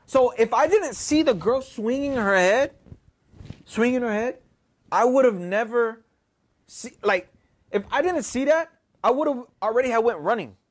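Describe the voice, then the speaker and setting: A man's voice: very high-pitched, animated, measured pace. A man from Houston, telling a personal story in a casual, profane, rambling way, full of "you know" and "right?". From Houston, Texas.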